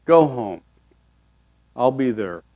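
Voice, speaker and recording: A minister playing a calm, offhand Jesus. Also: male voice, mid-range voice, slow pace. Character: calm, wry Jesus, grown man.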